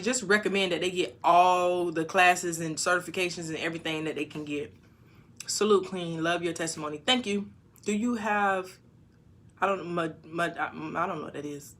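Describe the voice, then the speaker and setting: A woman on a casual livestream, reading viewer comments aloud and answering them frankly, with sudden loud bursts. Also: on the low side. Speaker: YouTuber answering live chat. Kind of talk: casual live-stream chat.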